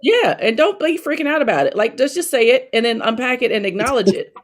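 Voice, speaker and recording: A woman's voice: on the high side, big pitch swings, slight background noise. A woman guest on an interview show, speaking emphatically and colloquially as a racial equity strategist. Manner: emphatic, colloquial, quick asides. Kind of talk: casual interview talk.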